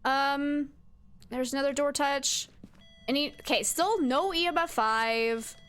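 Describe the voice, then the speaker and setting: A woman's voice: high-pitched, slow, fairly bright tone. A young woman streaming a horror game, chatting to her viewers and talking back to the ghost with jumpy outbursts. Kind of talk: live game commentary.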